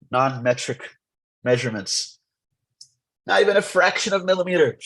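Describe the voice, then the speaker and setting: A man teaching a morning scripture class in a temple, retelling an old legend in an animated, rambling way. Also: fairly high pitch, breathy edge, rough recording. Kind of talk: lively storytelling scripture class.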